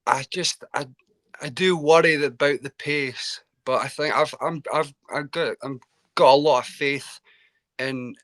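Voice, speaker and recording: A man's voice: a little high, fairly even intonation, unhurried, a bit bright. A Scottish man calling in to a live football stream, chatty and self-deprecating, stumbling over his words. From Scotland. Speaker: caller. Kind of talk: casual football chat. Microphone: video call.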